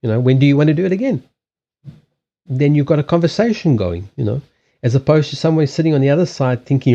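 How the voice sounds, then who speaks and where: A man hosting a casual livestream chat, blunt and animated, swearing freely and acting out quoted lines. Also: medium pitch, quick pace, muffled recording. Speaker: livestream host.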